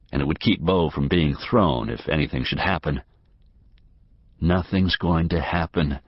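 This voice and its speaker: A male audiobook narrator reading a novel in a measured, emotionally engaged storytelling manner. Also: sits low, dry recording. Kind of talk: scripted narration. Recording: dry, slightly muffled audiobook recording.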